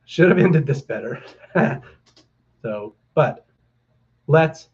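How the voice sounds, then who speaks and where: A man's voice: on the high side, expressive, drawn-out words. Chatty man hosting a lo-fi livestream. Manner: rambling, upbeat and rallying, with many fillers. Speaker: stock market livestream host. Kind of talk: casual livestream chat to viewers.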